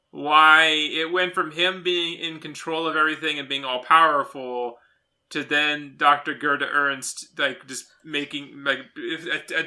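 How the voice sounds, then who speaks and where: A man with a very bright, sharp voice co-hosts a casual movie review chat. He speaks in a fairly high register and sounds easygoing and agreeable, often pausing to hedge a point.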